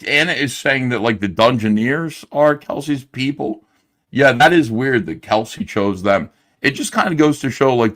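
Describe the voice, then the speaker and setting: A man's voice: on the low side, fairly bright tone. Blunt, rambling male livestream host. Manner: blunt, profane, rambling with fillers. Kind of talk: heated casual chat.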